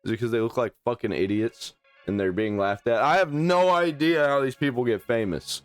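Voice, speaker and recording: A man's voice: mid-range voice, brisk, dry recording, soft background music. A man reacting to clips in blunt, profane, exasperated commentary.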